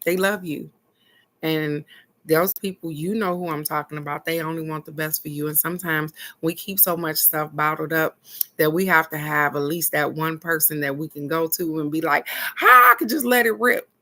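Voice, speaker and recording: Low, bright-toned woman reading oracle cards. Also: flat delivery. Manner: chatty, laughs often, reads card texts aloud slowly. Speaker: oracle card reader hosting a live stream. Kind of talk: casual live card reading to viewers.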